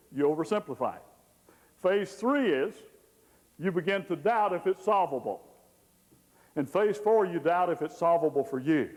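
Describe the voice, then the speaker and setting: A man's voice: sits high, lively intonation, measured pace, a little mellow. A man, giving a folksy teaching talk as a Christian counselor and acting out the people he quotes. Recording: long hall reverb.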